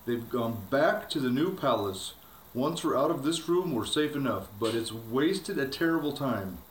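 A man's voice: medium pitch, animated, normal speed, close to an everyday voice. A man voicing a determined young runaway girl who gives urgent orders as he reads a storybook aloud. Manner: urgent and commanding. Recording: echoey room, faint background hiss.

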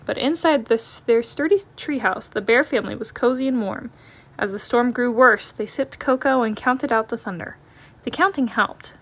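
A woman reading a children's picture book aloud, gentle and expressive as she tells the story. Her voice sits a bit high. She paces the story warmly for young listeners.

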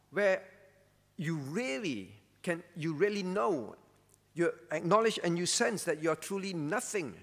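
Male pastor, earnest teaching sermon, slightly high voice, echoing church hall. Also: fairly bright tone. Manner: earnest teaching, with frequent "all right?" check-ins and questions to the congregation. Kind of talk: sermon at a prayer meeting. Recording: long reverb of a church hall.

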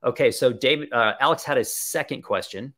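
A man's voice: mid-range voice, a little fast, fairly bright tone. A man with a mid-range voice presents a live webinar. He talks in an enthusiastic, conversational way, answering viewer questions as he goes. He thinks aloud, with the odd filler.

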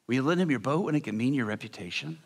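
A middle-aged male pastor telling a story from the pulpit in an animated way, acting out the people in it. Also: medium pitch, very fast, gravelly, husky. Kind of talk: sermon storytelling. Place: large church hall. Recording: church hall reverb.

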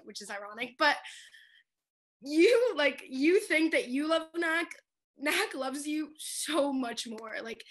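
A woman's voice: sits high, sharp tone. A woman in her twenties giving an emotional tribute to a departing friend in her singing group, crying and laughing through her words with many fillers. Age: 20s. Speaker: a cappella group member giving a senior tribute.

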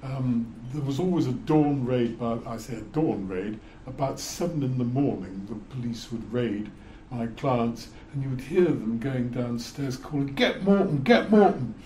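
An older man spins wry, amused anecdotes from his working life, with a mellow, warm tone. The voice sits at an everyday pitch. The sound is roomy and echoey. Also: measured pace, few pauses, slight background noise. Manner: wry, amused, chuckles through his stories. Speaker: guest speaker, former defence lawyer. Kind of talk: anecdotal storytelling. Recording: roomy echo.

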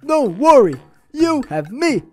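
A cheerful, boastful young hero in a fan-made game story, played by a woman. The voice sits high and swings widely, with an unhurried, playful and excited delivery. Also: soft background music, exaggerated voice.

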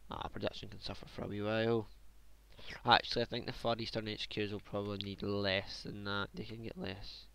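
A man commentates his own strategy game in a loose, casual way. He mutters to himself, cracks jokes and swears freely, in a voice that sits on the low side. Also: level tone, brisk, gravelly, fairly bright tone, smooth. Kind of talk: casual let's play commentary.

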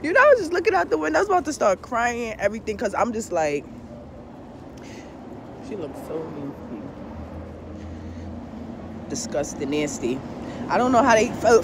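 Against background noise, this woman's fairly high voice carries a rambling, casual monologue about tarot and spirituality. Her manner is blunt, full of swearing used as filler, and she keeps laughing and breaking into asides.

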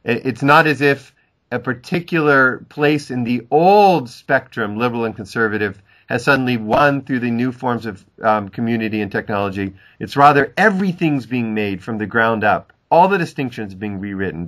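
A man with a mid-range voice interviews a guest in a relaxed conversation. He asks reflective questions and affirms what he hears. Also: mid-range voice, moderate pace.

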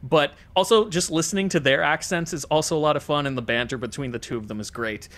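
A man's voice: a little high, quick pace, a bit bright. An American man co-hosting a casual podcast, talking in a loose, rambling way with frequent fillers. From United States. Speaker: podcast co-host.

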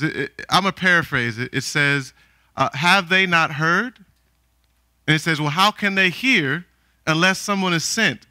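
Man, preacher, sermon, high voice, very bright, slow, call-and-response questions. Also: dry recording. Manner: calls for responses from the congregation.

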